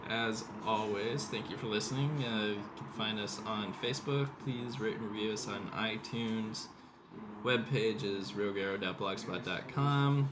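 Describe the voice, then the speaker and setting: A man hosting a podcast, casually wrapping up the show and reading its contact details. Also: on the low side. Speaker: podcast host. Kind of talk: casual chat and show sign-off. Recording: noisy home recording.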